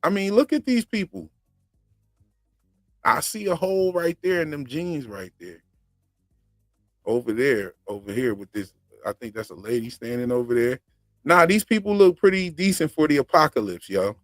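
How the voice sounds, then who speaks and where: A man's voice: a little high, expressive, moderate pace, no room sound, studio quality, faint music behind. A man hosting a casual commentary channel, joking in slang and laughing often. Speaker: channel host reacting to a TV show.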